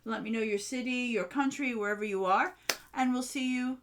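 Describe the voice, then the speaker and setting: A woman's voice: a little high, normal speed, background noise. A woman from the US giving a casual tarot reading from home, talking straight to the viewer in a chatty, reassuring way. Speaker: tarot reader.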